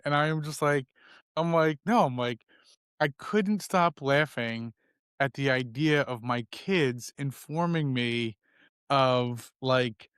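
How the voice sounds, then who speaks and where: A middle-aged man co-hosting a casual podcast, telling a story with lively acted-out voices. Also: medium pitch, slow pace, clear, resonant tone, no room sound, clean studio sound. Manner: animated storyteller, acts out his kids' voices. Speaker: podcast co-host.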